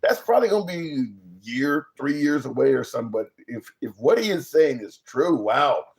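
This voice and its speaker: A man's voice: medium pitch, animated, moderate pace, creaky. A man hosting a live political stream, reading chat comments and reacting bluntly, incredulous and swearing freely. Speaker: political talk stream host.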